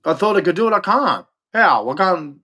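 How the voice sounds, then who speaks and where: A man with an Australian accent rants to the camera in a bitter, profane monologue. He circles back over the same complaints and curses freely. His voice sits a little higher than most men's. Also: sing-song, moderate pace, bright, forceful tone, husky. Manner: bitter, profane, repeats himself. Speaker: vlogger. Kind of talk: angry ranting monologue.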